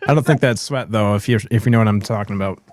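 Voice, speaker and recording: A man's voice: on the low side, fast talker, darkish tone, no echo, studio quality. A man hosting a casual podcast, joking around and reading chat comments aloud. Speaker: host.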